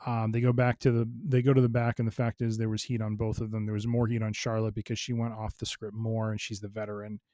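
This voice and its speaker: A man's voice: on the low side, completely flat delivery, fast, hardly any pauses, mellow, no room sound, clean studio sound. A man co-hosting a podcast, explaining wrestling news in casual chat and reading an article aloud. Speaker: podcast co-host.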